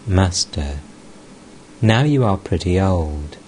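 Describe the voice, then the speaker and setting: A man reading the lines of a gentle elderly male holy teacher in an audiobook, in a measured way. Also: sits low, expressive, a little hiss or hum.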